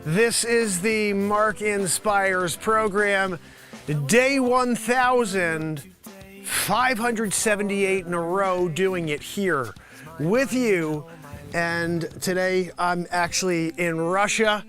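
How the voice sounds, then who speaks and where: A man hosts his daily stream with a comic mock news report. His voice is high and bright, with faint music underneath. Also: slow pace. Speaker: host of a daily livestream. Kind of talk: comedic livestream monologue.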